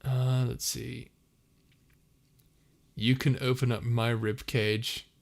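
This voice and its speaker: A young man chatting loosely on a live stream from his house. His voice sits in a middle pitch, and he wanders into fillers and restarts as he reads and reacts to comments. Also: little pitch movement, slow pace, creaky. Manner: easygoing, rambling, many fillers and restarts. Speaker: streamer and audio roleplay creator. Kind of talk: casual live-stream chat, reading comments. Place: a house, indoors.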